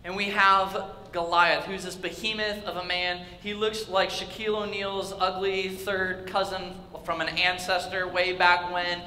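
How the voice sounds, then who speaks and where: A man's voice: sits high, little pitch movement, measured pace, hardly any pauses, bright, forceful tone, a little hiss or hum. A young male youth pastor preaching a sermon in a large church hall. He tells the story casually and jokingly and acts out the characters. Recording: echoey hall with faint ambience.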